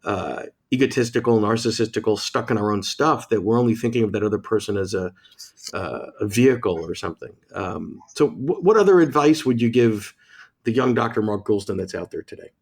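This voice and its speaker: A man's voice: fairly low pitch, a little fast, gravelly, husky. A man hosting a podcast interview, talking emphatically with frequent restarts. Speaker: podcast host. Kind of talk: conversational interview.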